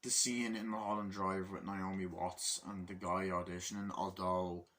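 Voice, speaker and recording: A man's voice: low-pitched, level tone, normal speed, a bit bright. A man reviewing a film casually at home, rambling and enthusiastic and swearing freely. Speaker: movie reviewer. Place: room at home with window open.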